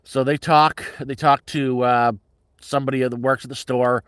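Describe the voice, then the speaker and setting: A man's voice: mid-range voice, fairly even intonation, moderate pace, a bit bright, clear, resonant tone, no echo. A middle-aged man telling a story on a casual livestream in a blunt, heavily profane, agitated way.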